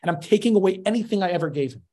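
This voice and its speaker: A man's voice: high-pitched, lively intonation, very fast, darkish tone, pitched above the performer's own voice. A man voicing an older, furious father-in-law who is bitter and wounded, speaking in indignant outbursts. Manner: raised, strained, indignant outbursts.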